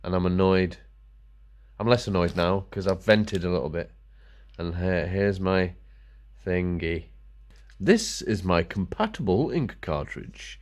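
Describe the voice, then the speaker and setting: A man's voice: deep voice, animated, unhurried, pauses often. A middle-aged man ranting casually to camera, grumbling and sarcastic, muttering to himself as he works. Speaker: vlogger.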